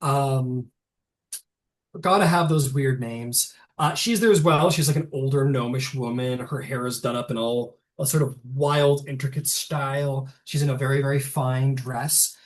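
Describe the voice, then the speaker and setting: A man's voice: mid-range voice, steady tone, a little slow. A man narrating as game master of a tabletop game, rambling and full of fillers. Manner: rambling, filler-heavy, self-interrupting.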